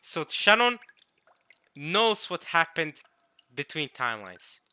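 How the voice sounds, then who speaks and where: A man with a very bright, forward voice comments casually as he plays through a visual novel. He thinks aloud, often sounds puzzled, and keeps breaking off and restarting his sentences. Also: a little high, big pitch swings, slow pace, smooth, no echo. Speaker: let's play host.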